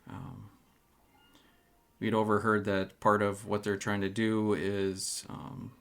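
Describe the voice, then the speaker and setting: A man's voice: on the low side, completely flat delivery, slow pace, soft background music. A man playing a tabletop game, speaking hesitantly and full of ums as his character. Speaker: player.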